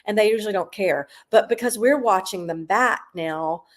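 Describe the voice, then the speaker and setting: A woman's voice: medium pitch, normal speed. A middle-aged woman from South Carolina, a guest chatting casually and thinking aloud with fillers. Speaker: guest, Broadway performer. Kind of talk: casual chat.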